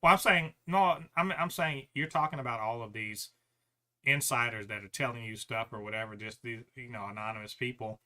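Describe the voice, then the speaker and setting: A man co-hosting a podcast, ranting in a profane, animated way with lots of restarts. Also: medium pitch, brisk. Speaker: podcast co-host. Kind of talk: casual podcast chat.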